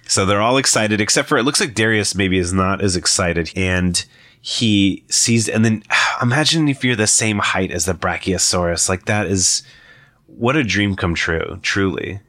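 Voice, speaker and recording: Low-voiced rambling young man. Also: normal speed, pushed and bright, no echo. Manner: rambling, heavy on fillers, self-correcting. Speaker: video commentator. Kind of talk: casual trailer breakdown commentary.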